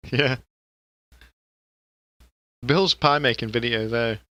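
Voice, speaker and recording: A man's voice: medium pitch, drawn-out words, sharp tone, dry recording. A man co-hosting a podcast in casual, rambling chat, swearing freely and laughing often. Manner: rambling and profane, with frequent laughter. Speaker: podcast co-host.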